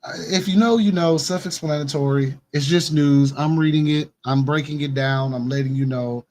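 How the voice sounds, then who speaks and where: A man with a slightly raised pitch hosts a casual conspiracy news commentary. He speaks emphatically, pressing each point and repeating it for the listener. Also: steady tone, moderate pace, a little mellow, slight background noise. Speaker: host of a news commentary show.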